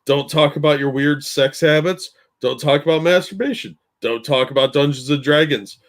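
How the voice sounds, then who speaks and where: A man's voice: a little high, moderate pace. A man co-hosting a casual livestream, giving blunt, profane commentary. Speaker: stream co-host.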